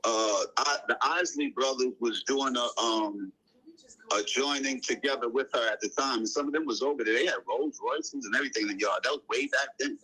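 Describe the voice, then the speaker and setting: Man, bright voice, casual storyteller, guest on a chat show. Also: mid-range voice, brisk, husky, poor audio. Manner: animated storyteller, acts out quotes in raised voice.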